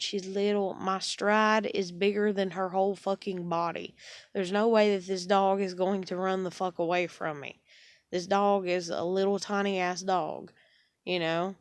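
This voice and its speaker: A woman's voice: mid-range voice, fairly even intonation, moderate pace, dry recording. A young woman venting in a rambling, frustrated way, swearing often. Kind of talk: casual venting monologue.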